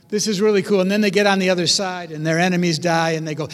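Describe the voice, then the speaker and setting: A man preaching a sermon, telling stories with animated delivery and acting out voices. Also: high-pitched, fast, few pauses, long reverb tail. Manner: animated storytelling, acts out voices. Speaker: pastor.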